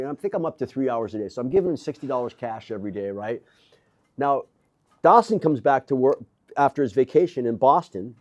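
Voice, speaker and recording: An older man, a gym owner, telling animated stories in casual conversation with quoted dialogue and blunt, profane language. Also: mid-range voice. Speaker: gym owner, interview guest. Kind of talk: casual storytelling. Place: gym office.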